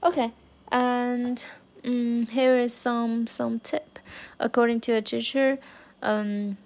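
A woman's voice: on the high side, little pitch movement, slow, creaky, a little mellow. A woman whose first language is Mandarin Chinese, keeping a casual spoken diary of her language study, hesitant with many fillers, sounding out practice phrases carefully.

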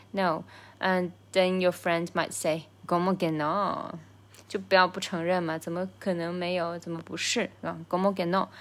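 A woman whose first language is Chinese gives a casual spoken lesson on everyday phrases, pausing often with fillers and correcting herself. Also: on the low side. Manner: thoughtful, many fillers and self-corrections. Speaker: language learner sharing lessons.

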